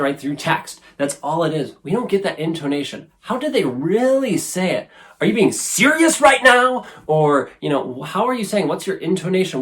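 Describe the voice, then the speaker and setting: A man in his thirties hosting a casual self-help talk to camera, earnest and conversational, often tagging sentences with "right?". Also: medium pitch. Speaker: show host. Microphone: camera facing speaker.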